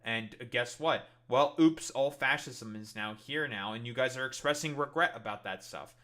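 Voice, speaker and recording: A man ranting on a live stream in loose reaction commentary, swearing often and mocking others. His voice is bright and forceful, and his pitch sits in a middle range. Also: normal speed.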